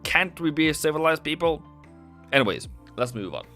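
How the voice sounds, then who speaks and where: Bright-voiced man rambling. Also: fairly high pitch, big pitch swings, brisk, soft background music. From Norway. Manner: rambling and chatty, often self-correcting. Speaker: trading streamer. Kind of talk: live market commentary.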